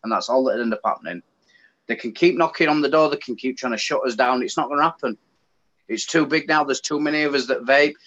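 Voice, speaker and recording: A man's voice: medium pitch, quick pace. A man with an English accent, chatting casually as a guest and ranting with feeling. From United Kingdom. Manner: animated, ranting. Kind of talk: casual chat. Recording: dull lo-fi sound.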